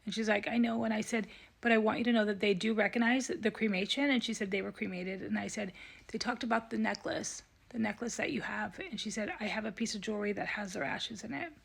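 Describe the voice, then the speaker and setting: Woman, psychic medium, vlog storytelling, earnest, tearful, soft whispers, gravelly, husky. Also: mid-range voice, fast.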